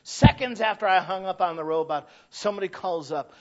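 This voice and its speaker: A man with a high-pitched voice preaches a sermon with passion, and his stories sometimes build to shouts. The recording sounds dull and lo-fi. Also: animated, brisk. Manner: impassioned, rising to shouted emphasis; storytelling asides.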